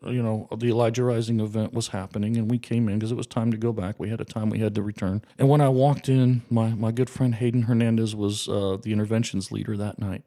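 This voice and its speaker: A man's voice: medium pitch, dark tone. A man in street ministry, telling a heartfelt testimony in an earnest storytelling way. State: emotional, voice breaking. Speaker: street ministry outreach leader.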